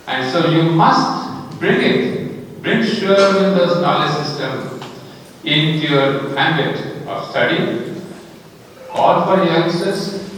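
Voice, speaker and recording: A man with an Indian accent giving an earnest public talk, emphatic and slowing down on key words. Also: a little high, a little hiss or hum. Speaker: speaker in a discussion. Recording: echoey hall from far off.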